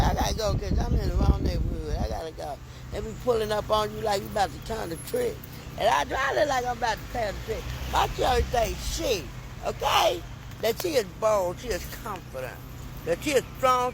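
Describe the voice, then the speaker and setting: A woman's voice: fairly high pitch, gravelly. A woman talking emphatically to her viewers in a casual reaction vlog, recorded on a phone as she walks outdoors by a road. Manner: talkative, emphatic, addressing viewers directly. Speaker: vlogger. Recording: loud outdoor noise, passing vehicles. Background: loud traffic and outdoor noise.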